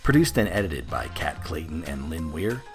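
Very deep-voiced man announcing over music. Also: big pitch swings, moderate pace. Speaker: podcast outro announcer. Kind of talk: scripted outro announcement.

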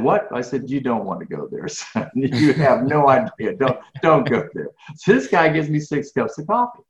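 Animated storytelling man, roomy lo-fi sound. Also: a little high. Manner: animated, acts out dialogue. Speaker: guest speaker. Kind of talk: storytelling in a podcast interview.

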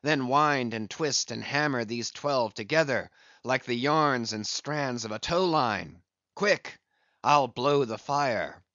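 A man's voice: medium pitch, takes it slowly, sharp tone, no echo, dull audio. A man reading an audiobook, voicing an obsessed, brooding old sea captain who speaks in passionate, commanding old-fashioned speech. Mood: intense.

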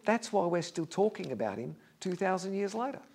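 A male pastor preaching an earnest sermon, dropping to a hush on key lines. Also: high-pitched, sing-song, brisk, vocal fry, breathy edge. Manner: standing before a congregation.

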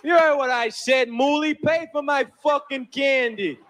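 A man's voice: extremely high pitch, a bit bright, a little hiss or hum. A man doing a swaggering Italian-American tough guy. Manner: swaggering, profane, quick to pick fights. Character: brash tough-talking Italian-American male moviegoer. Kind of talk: stand-up comedy.

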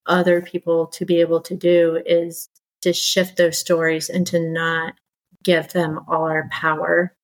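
Middle-aged woman guest, low-ish voice, candid storytelling, animated and exasperated. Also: rough recording. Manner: animated, exasperated, quoting others in lively bursts. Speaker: podcast guest.

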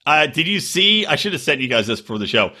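Guy cohosting a podcast, swears a lot, lively up-and-down voice, bright and kinda husky. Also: on the high side, a little fast. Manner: profane, animated, laughing storyteller. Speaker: podcast co-host. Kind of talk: casual chat.

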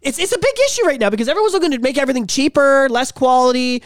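Excitable, profane man with a lively voice. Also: extremely high pitch, very fast, dry recording, studio quality. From Canada. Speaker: podcast co-host. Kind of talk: casual chat.

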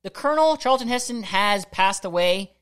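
An eager podcast co-host rattles off casting picks in relaxed conversation. The voice sits at a middle pitch. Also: clear, resonant tone. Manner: enthusiastic, rapid listing of cast picks. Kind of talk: casual chat.

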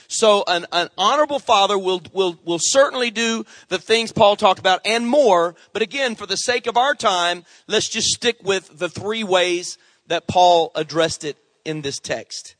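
High-voiced, bright-toned preaching man. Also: unhurried, hardly any pauses, no echo. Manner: animated preaching, calling for amens. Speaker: pastor. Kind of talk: sermon.

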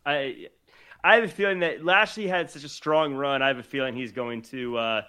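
A man's voice: medium pitch, moderate pace, bright, forceful tone, clear, resonant tone. A man co-hosting a podcast, chatting casually about wrestling and laughing often. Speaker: podcast co-host.

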